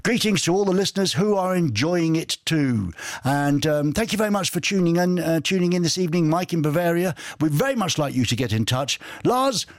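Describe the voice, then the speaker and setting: A man's voice: fairly high pitch, animated, fairly quick, no room sound. A man hosting a radio show, reading out listener messages and joking with his co-host. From England. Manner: chatty, jokey, reads listener messages. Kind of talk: live radio presenting with banter. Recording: dry studio sound.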